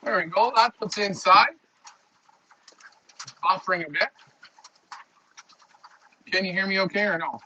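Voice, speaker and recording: A man talking loudly to his pigeons as he shows his loft on a live phone stream. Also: sits high, unhurried, pauses often, slight background noise. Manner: loud, talks to his birds. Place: pigeon loft, outdoors nearby. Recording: dull lo-fi stream audio.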